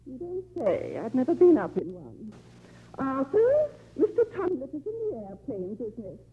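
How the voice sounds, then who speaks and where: An actress plays a lonely, sardonic older woman who drinks too much, in the style of a 1950s radio drama, with a mocking, theatrical manner. Her voice is a little high, dark, and breathy, very animated, fairly quick, and heavily acted. The sound is a dull, faintly hissy 1950s radio broadcast.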